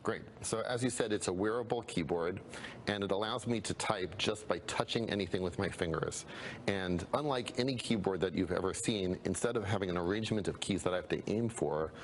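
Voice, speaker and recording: A man, a company founder, calmly explaining and demonstrating his product in a TV interview. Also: low-pitched, fairly quick, a little hiss or hum.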